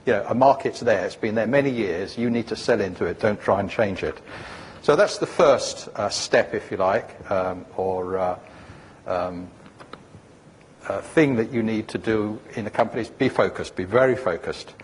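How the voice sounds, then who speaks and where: A man's voice: on the low side, moderate pace, slight background noise. A man giving a conference talk about founding a company, rambling and anecdotal, full of fillers and restarts.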